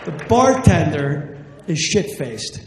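Brash, profane New comic. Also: male voice, on the high side, sing-song, slow pace, a crowd in the background, background noise. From New Jersey. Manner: brash, profane tough-guy delivery. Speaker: stand-up comedian. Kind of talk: stand-up storytelling. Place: large hall on stage. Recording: echoey hall reverb.

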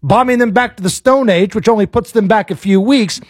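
An American man hosting a casual political talk show, blunt and animated, talking in quick bursts of opinion. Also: high-pitched, slightly rough, dry recording, studio quality.

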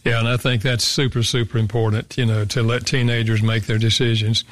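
A man's voice: medium pitch, little pitch movement, fairly quick, a bit bright, no room sound. An older man, a guest author in an interview, telling a personal story in an earnest, reflective way and often repeating words as he goes.

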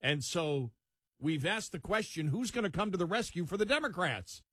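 A man's voice: high voice, expressive, normal speed, a bit bright, husky, no echo, studio quality. A man with a Buffalo accent co-hosting a radio talk show in casual, loose on-air chat. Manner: conversational, loose, chuckling.

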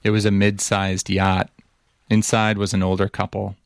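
A man narrating a documentary story as reporter in a measured, even way, also asking interview questions. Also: fairly low pitch, creaky, smooth, no room sound, clean studio sound.

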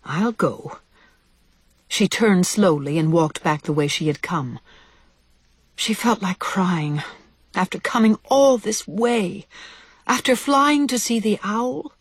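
Breathy woman reading a storybook aloud. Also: mid-range voice, expressive, unhurried, no room sound. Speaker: narrator.

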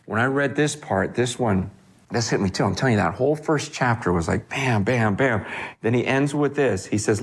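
A middle-aged man, a pastor, preaching a sermon in a lively way, often stumbling and repeating words as he starts a thought. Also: normal speed, slightly rough. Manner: animated, wide pitch swings, repeats words when starting.

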